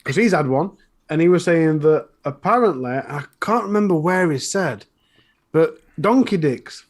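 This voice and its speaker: Slightly high-voiced man rambling. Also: expressive, normal speed. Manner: rambling, hesitant, reading out names. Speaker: co-host. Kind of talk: casual live-stream banter.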